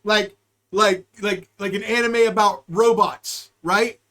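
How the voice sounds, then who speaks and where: A man's voice: sits high, fairly even intonation, takes it slowly, a bit bright. A young man hosting a live-stream podcast, chatting with his viewers in a rambling, joking, profane way, riffing from one word association to the next.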